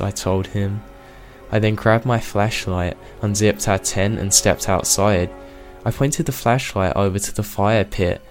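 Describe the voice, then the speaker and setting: A man narrating a submitted true scary encounter in a steady, measured storytelling manner. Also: on the low side. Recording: faint music bed.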